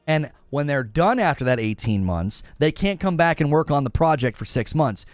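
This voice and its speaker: A man's voice: fairly high pitch, fairly quick, hardly any pauses, no room sound. A man streaming live about gaming news, arguing heatedly with a regular viewer and calling out studio decisions. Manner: heated, argumentative, rising to excited shouts.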